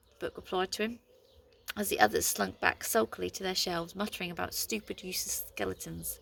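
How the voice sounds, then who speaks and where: A woman reading a storybook aloud in a lively, expressive way. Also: fairly low pitch, fairly quick, gravelly, slight background noise.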